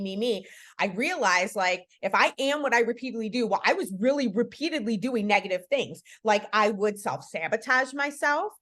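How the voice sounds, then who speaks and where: A woman's voice: medium pitch, fairly bright tone. A middle-aged woman hosting a live book club on a video call, talking in an earnest, encouraging way with lots of "you know" and "like". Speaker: podcast host leading a book club.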